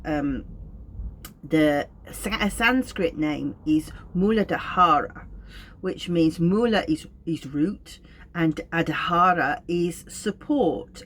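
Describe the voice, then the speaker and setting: A middle-aged woman with a Wolverhampton accent, an aromatherapist explaining her practice to camera in a gentle, unhurried, thoughtful way. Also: lowish voice. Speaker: clinical aromatherapist.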